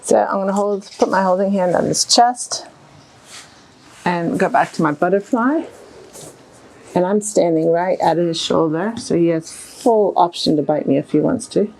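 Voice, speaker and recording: A woman's voice: on the low side, moderate pace, darkish tone, a little hiss or hum, poor audio. A woman narrating a hands-on horse bodywork session as she does it, chatty and step by step. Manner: chatty, talks through each move as she works. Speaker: equine bodywork practitioner. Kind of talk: live narration of a hands-on technique. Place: with a horse, in a stable or yard. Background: faint music.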